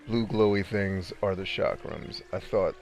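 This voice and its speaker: A man casually chatting with viewers on a live game stream, animated, laughing often and swearing freely. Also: low-pitched, measured pace, soft background music. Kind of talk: casual live-stream chat while gaming.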